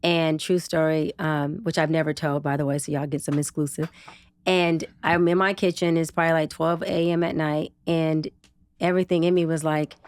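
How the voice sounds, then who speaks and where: A woman guest on a podcast, a psychologist and TV producer, telling a personal story in a casual, expressive way with slang. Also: moderate pace, clear, resonant tone, dry recording. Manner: expressive, casual and slangy, acts out quotes with big pitch jumps. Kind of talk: animated personal storytelling in an interview.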